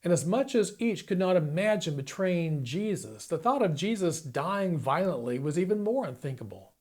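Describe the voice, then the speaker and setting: A man's voice: sits high, very animated, moderate pace, darkish tone. A man preaching a sermon, retelling a story dramatically and acting out the quoted lines. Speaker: pastor.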